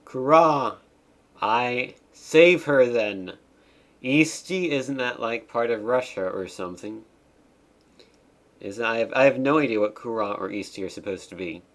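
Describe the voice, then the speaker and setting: A man gives laid-back commentary while streaming a game, reading its text out and adding wry, deadpan asides. His pitch is medium and his speed normal.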